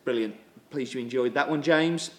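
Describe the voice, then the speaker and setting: A man's voice: medium pitch, moderate pace. A man hosting a coffee show, chatting casually and reading out viewer comments with plenty of fillers. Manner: relaxed, chatty, with many fillers and throat clearing. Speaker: coffee subscription show host.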